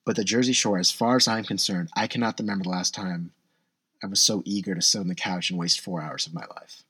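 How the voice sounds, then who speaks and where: Husky young man rambling to camera. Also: low voice, steady tone, fast, a bit bright, no echo. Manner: rambling, self-deprecating, with many restarts. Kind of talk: casual monologue.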